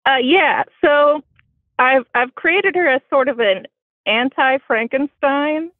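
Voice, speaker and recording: A woman's voice: high-pitched, slow, no echo. A woman from Indiana with a Southern American accent, calling in to a podcast, talking in a dry, self-deprecating way. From Bloomington, Indiana. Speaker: caller. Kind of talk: phone-in call. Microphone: phone. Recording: tinny phone line.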